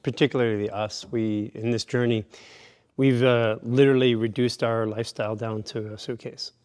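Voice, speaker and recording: A man's voice: mid-range voice, steady tone, moderate pace, darkish tone, smooth. Thoughtful, hesitant male co-host. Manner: thoughtful, hesitant, with many fillers. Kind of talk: casual podcast conversation.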